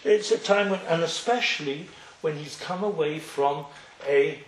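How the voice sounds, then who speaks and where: A Torah teacher with a fairly high voice gives a storytelling lecture at a slightly slow pace, animatedly voicing the characters' dialogue and adding humorous asides. The room is echoey with faint noise.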